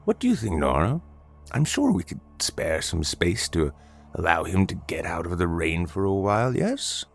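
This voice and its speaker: A man's voice: sits low, sing-song, normal speed, creaky, husky, faint music behind, exaggerated voice. A man voicing a friendly, polite husband in a read-aloud story, speaking in a slightly hesitant way. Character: friendly husband, adult man, welcoming host. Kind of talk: storybook narration.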